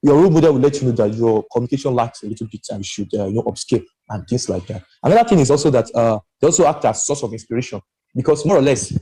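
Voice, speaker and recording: A man giving his views in a casual podcast discussion, animated and emphatic, often restarting his sentences. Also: mid-range voice, very fast, breathy edge, poor audio. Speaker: podcast panelist.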